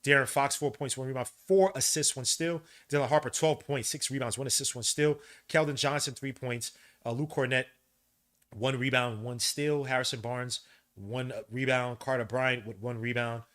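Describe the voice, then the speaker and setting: A man's voice: medium pitch, normal speed. Fired-up New man calling a game. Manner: excitable, frustrated outbursts, slangy banter. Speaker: podcast host. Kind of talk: live watch-along play-by-play commentary.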